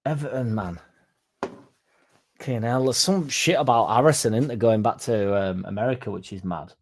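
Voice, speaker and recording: A young podcast host with a Yorkshire accent runs a casual livestream, rambling and swearing freely while reading out chat messages. His voice is mid-range at a moderate pace.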